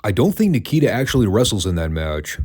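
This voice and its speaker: A man with a very low voice talks through a casual retro review. His delivery is dry and sarcastic. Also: very animated, fast, a little mellow, slightly rough. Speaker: wrestling podcast host.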